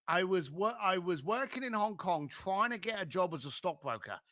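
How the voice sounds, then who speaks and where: London-accented man, middle-aged, animated storyteller, high and forceful voice, dry close sound; interview guest. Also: moderate pace, dry recording. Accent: London English. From London, England. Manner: animated storyteller who acts out other people's lines.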